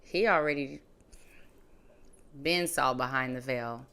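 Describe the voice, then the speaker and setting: A woman hosting a podcast, reflectively retelling a personal story in a conversational way, her phrases often trailing off softly. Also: a bass voice, slow pace, clean tone. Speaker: podcast host.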